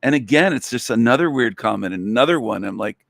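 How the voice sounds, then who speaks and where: A man's voice: mid-range voice, animated, fast talker, gravelly, few pauses, no echo, clean studio sound. A man hosting a livestream, scolding his viewers in an irritated, profane rant. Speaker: livestream host.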